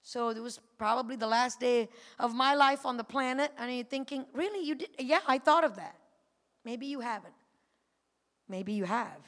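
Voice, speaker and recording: A woman giving a personal testimony to a church congregation, moving from a quiet retelling to fervent calls. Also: a little high, moderate pace. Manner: builds from quiet storytelling to fervent shouting. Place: church sanctuary. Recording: long church hall reverb.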